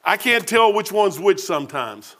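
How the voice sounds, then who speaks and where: A man's voice: high-pitched, very animated, moderate pace, a bit bright. A man preaching a sermon in a church, telling folksy, self-deprecating stories with humor. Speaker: pastor.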